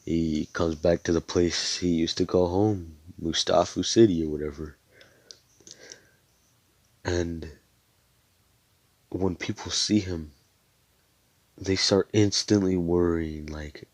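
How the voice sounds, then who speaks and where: Brief: low-voiced young man, rambling slangy storyteller, dry close sound. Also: fairly even intonation, takes it slowly, pauses often, darkish tone, no room sound. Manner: rambling and slangy, with swearing and fillers. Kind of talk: casual fan story narration.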